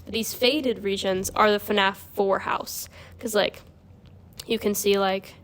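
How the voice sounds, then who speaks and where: A woman's voice: mid-range voice, fairly even intonation, slow pace. Rambling young woman, full of filler. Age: young adult. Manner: rambling, peppered with 'like'. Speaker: podcast host. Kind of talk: casual chat.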